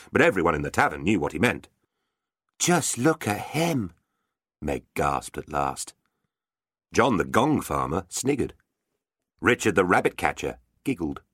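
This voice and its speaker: Deep-voiced man narrating a storybook. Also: no room sound, studio quality. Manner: expressive, playful storytelling. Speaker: audiobook narrator.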